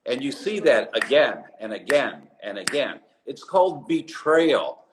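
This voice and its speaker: Joining a live interview remotely from abroad, a man with a medium-pitched voice speaks at a measured pace. He narrates stories with energy, voicing the people he quotes, over a rough recording with a little hiss or hum.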